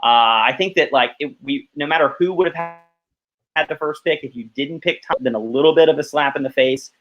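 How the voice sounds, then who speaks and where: A man's voice: fairly high pitch, fairly quick, a bit bright, lo-fi sound, soft background music. A man from Alabama chatting casually as a podcast guest, rambling along with lots of "like" fillers. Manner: rambling, heavy use of "like" fillers.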